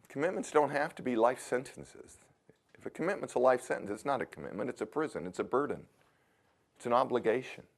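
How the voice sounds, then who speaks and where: With a creaky, medium-pitched voice, a man runs a motivational workshop, putting questions directly to attendees. His coaching is plain and chatty, and he pauses hesitantly at times.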